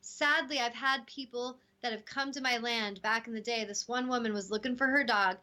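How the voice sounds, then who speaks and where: A woman hosting a casual spiritual talk show, telling stories with lively acted-out quotes. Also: a little high, normal speed. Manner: animated storytelling, acting out voices in quotes. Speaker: host.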